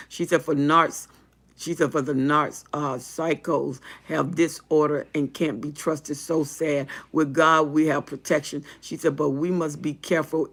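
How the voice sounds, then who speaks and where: Emphatic preachy woman host. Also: deep voice. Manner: emphatic, repetitive, sermon-like cadence. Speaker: relationship advice host. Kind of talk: preachy monologue reading viewer comments.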